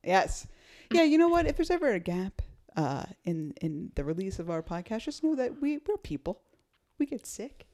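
Woman podcast host, lively, self-mocking, casual chat, middle pitch. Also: moderate pace. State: highly caffeinated.

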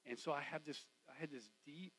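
A male pastor preaches in church and tells a personal story in a relaxed, conversational way. His voice is bright and forceful and sits a little high. He drops to near whispers and then rises again. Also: brisk, a little hiss or hum, low-quality recording. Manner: conversational, wide swings from loud to hushed. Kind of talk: storytelling sermon.

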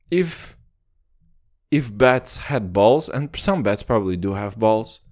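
A man's voice: medium pitch, darkish tone. A young man rambling through a casual solo podcast, jokey and full of swearing. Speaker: podcast host.

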